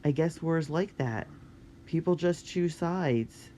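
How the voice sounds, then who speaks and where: A narrator voicing a steady young boy who speaks quietly. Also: medium pitch, slow, a little hiss or hum, voice pushed up, lightly acted.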